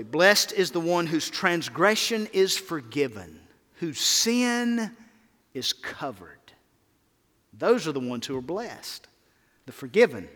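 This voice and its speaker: A man's voice: a little high, a bit bright. Man preaching in an echoing church. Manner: preaching with emphatic rises and falls, rhetorical questions. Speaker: pastor. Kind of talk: sermon.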